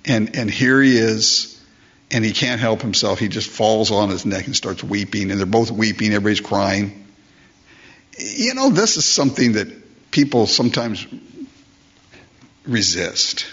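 A man's voice: fairly low pitch, sing-song, measured pace, a bit bright, breathy edge, lo-fi sound. An older man preaching a sermon as pastor, emphatic, repeating phrases and asking rhetorical questions.

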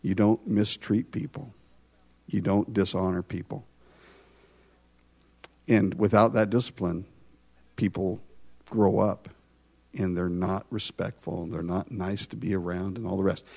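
A man preaching a conversational sermon, full of rhetorical questions and lively asides. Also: low voice, measured pace, creaky, long pauses, husky, muffled recording. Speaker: pastor.

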